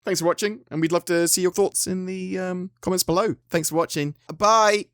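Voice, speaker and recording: A man's voice: sits high, steady tone, moderate pace, fairly bright tone, no echo, clean studio sound. An English man hosting a gaming channel, chatting casually and self-deprecatingly to his viewers with frequent restarts. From England. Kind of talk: casual video chat to viewers.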